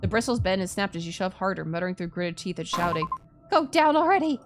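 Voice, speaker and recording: A woman streamer reading a horror game aloud, breaking off into loud, startled reactions. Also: lowish voice, steady tone, fast talker. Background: music.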